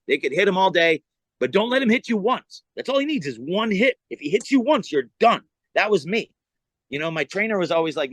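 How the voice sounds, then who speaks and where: A middle-aged man from California who is a comedian, spinning stories in a casual podcast chat. His voice sits a little high and he tells his tales with animated energy. The sound is dry and close, with no room echo. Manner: animated storyteller, lively retelling. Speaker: comedian guest.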